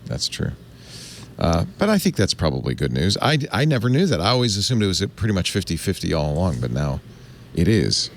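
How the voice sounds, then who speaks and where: A man hosting a casual tech panel discussion, measured, pausing often with "uh" as he moves the talk along. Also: deep voice, sing-song, slight background noise. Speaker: podcast host.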